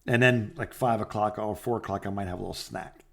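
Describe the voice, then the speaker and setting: A man's voice: lowish voice, steady tone, brisk, vocal fry, a bit bright. A man co-hosting a podcast over a phone call, dryly reading out a list of jokes and chuckling. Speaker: podcast co-host. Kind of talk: casual phone chat.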